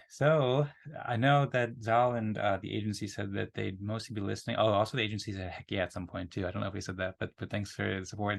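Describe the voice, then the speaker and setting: Casting note: quick-talking male host, low and gravelly, friendly and rambling, video call audio. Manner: friendly, rambling with many fillers. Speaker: meeting host. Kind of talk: casual online meeting talk.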